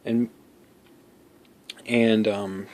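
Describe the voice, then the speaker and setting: A man's voice: on the low side, flat delivery, extremely slow, a little mellow. A man telling a personal story in a casual vlog, rambling, with many fillers, restarts and some swearing.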